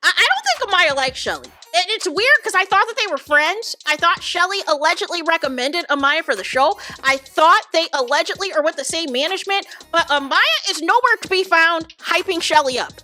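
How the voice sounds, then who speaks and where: A woman's voice: very high voice, brisk, hardly any pauses. A woman giving casual reaction commentary on reality TV, retelling scenes dramatically and talking straight to her viewers. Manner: animated, dramatic retelling, addresses viewers as y'all.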